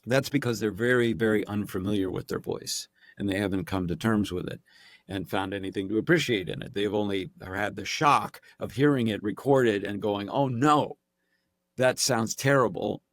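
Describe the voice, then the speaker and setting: Playful male guest with a lowish voice, dry close sound; casual interview talk, drops into quick voice demos. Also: no room sound. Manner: playful, demonstrates voices while explaining. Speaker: actor and impressionist guest.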